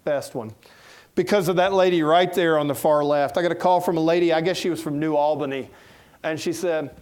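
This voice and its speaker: A man's voice: fairly high pitch, fairly even intonation, a little fast, a little mellow. A middle-aged man with a Southern American accent, a cartoonist giving a casual talk in a lecture room, telling folksy, joking anecdotes. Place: lecture room before an audience.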